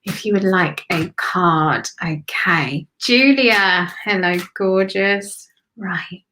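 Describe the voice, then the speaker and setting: A woman giving live intuitive card readings, speaking slowly and soothingly, repeating phrases and often dropping to a whisper. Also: medium pitch, pushed and bright, poor audio.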